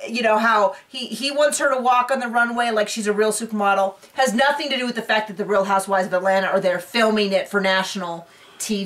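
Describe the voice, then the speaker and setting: A woman's voice: medium pitch, fairly bright tone, distant mic. A woman hosting a casual recap show, chatty and opinionated with sarcastic asides, recorded a bit away from the mic.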